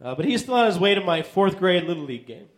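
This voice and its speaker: A man's voice: high voice, very animated, fast, background noise. A man doing stand-up, telling wry self-deprecating jokes about his family. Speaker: stand-up comedian. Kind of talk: stand-up set.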